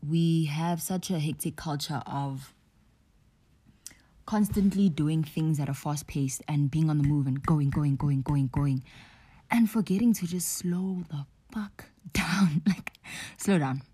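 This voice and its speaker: Low, candid young woman podcasting. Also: a little slow, warm tone, breathy edge, no echo. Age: young adult. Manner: chatty and candid, slangy asides, drops to whispers for emphasis. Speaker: podcast host. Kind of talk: casual personal podcast monologue.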